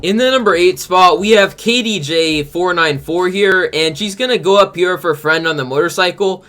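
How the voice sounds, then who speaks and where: A man with a notably high voice talks through a countdown of video game mishaps in an easygoing, off-the-cuff way. His delivery rambles, and "like" turns up in nearly every sentence. He sounds like a channel regular chatting straight to his viewers. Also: moderate pace, sharp tone, soft background music. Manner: rambling, heavy use of "like". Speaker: gaming channel host. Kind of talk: casual gameplay countdown commentary.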